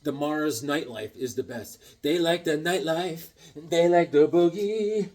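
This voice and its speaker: A man in a casual vlog, excitedly showing off his comic collection with rambling, self-deprecating asides. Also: on the high side, unhurried. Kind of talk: casual show-and-tell vlog.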